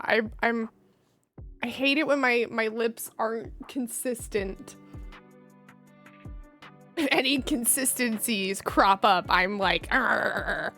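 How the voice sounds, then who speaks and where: A woman's voice: a little high, a bit bright. A woman streamer chatting casually while she plays a game, giggling often and poking fun at herself. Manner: chatty, giggly, self-deprecating. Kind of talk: casual livestream chat while gaming.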